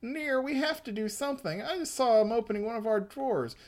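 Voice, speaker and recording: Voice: medium pitch, fairly quick, a little mellow, voice pushed up, lightly acted. A podcaster voicing an anxious boy while reading a comic aloud, in a raised, fretful voice. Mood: worried.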